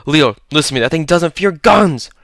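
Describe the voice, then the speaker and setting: A man voicing a gruff, cursing male ranger who barks orders. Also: on the low side, a little fast, bright, forceful tone, no echo, clean studio sound. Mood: shouting. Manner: gruff, swearing, barking orders.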